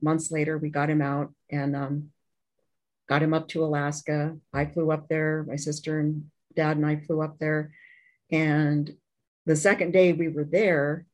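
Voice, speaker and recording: A woman's voice: low voice, a little mellow, poor audio. A woman telling a painful personal story in an interview, candid and earnest, often restarting her sentences. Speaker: interview guest.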